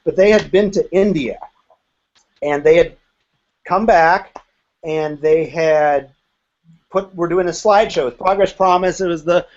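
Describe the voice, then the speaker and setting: Frank, high-voiced man recalling his past. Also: unhurried, pauses often, dull audio. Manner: frank, candid, occasionally profane. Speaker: interview guest, former group member. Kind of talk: casual interview storytelling.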